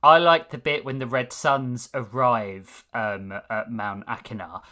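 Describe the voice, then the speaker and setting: Bright-voiced chatty male co-host. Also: medium pitch, a little slow. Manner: chatty, animated, acts out quotes. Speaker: podcast co-host. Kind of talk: casual chat.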